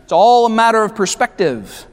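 A man preaching a sermon as pastor, talking conversationally with asides to the congregation and slowing down to stress key words. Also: high-pitched, sing-song. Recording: long reverb of a large hall.

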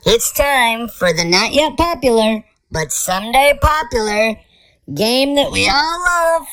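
A man voicing a game-show announcer who hypes a segment with a drawn-out, high voice. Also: animated, fairly bright tone, no echo, heavily acted. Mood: hyped.

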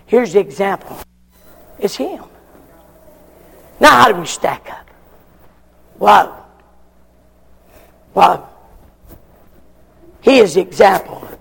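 High gravelly preacher with echoing hall. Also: male voice, expressive, takes it slowly, long pauses, fairly bright tone. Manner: fervent preaching with frequent call-and-response amens. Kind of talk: sermon.

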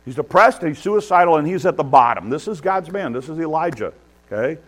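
A man's voice: on the high side, expressive, a little fast, a bit bright. A man preaching a sermon in an earnest, conversational way, building emphasis as he makes his points. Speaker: pastor. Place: church.

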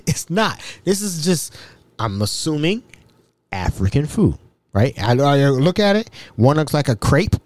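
A man tells work stories on his podcast in a lively voice that is pitched a bit high. His tone is warm and mellow, and he talks in a chatty way full of fillers. The sound is close and dry. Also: a little slow, dry recording. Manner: chatty and animated, with many fillers like "you know". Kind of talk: casual storytelling podcast.

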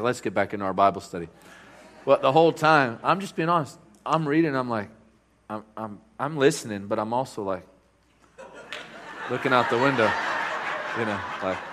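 A man with a bright, forceful voice is preaching as a guest in a church. He tells his story in an animated way, with frequent chuckles and sudden loud bursts. His pitch sits in the middle range for a man. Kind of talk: storytelling sermon.

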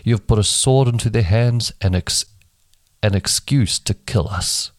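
Low voiced guy reading the bible out loud, dry close home mic, does little voices for the quotes. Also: measured pace, dry recording. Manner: reads dialogue with changing voices for each speaker. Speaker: Bible reading podcast host. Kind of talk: reading scripture aloud. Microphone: home microphone that keeps dropping.

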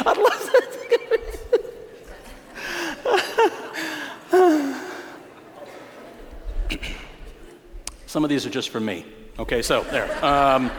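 Man preaching in a reverberant church. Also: medium pitch. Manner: humorous, conversational, with punchy emphasis. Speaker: pastor. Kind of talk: storytelling sermon. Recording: hall reverb.

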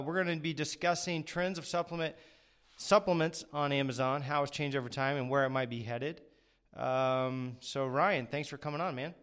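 A man's voice: fairly high pitch, a bit bright, clean tone. A man hosting a podcast interview, rambling casually with lots of fillers and self-deprecating asides. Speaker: podcast host.

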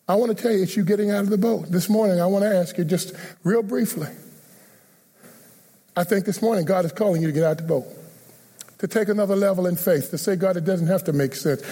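Direction: a high-voiced pastor pleading at an altar call. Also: male voice, warm tone, breathy edge, big-room sound. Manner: earnest, repetitive pleading invitations. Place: church sanctuary.

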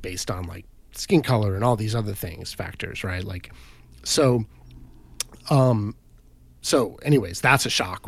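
A man casually retelling a story on a podcast, rambling, with lots of "like" and "right?" fillers. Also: on the low side. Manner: rambling, filler-heavy, says "right?" and "like" often.

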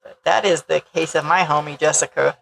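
Podcast host, casual chat, sarcastic, laughs often, wry, gravelly fry in the voice. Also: mid-range voice, fairly even intonation, brisk, fairly bright tone, slight background noise, rough recording.

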